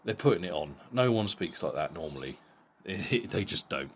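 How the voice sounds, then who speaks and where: Deep-voiced blunt man reviewing a boxing fight. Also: expressive, normal speed, husky. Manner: blunt and profane, with frequent repeated words. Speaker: boxing vlogger.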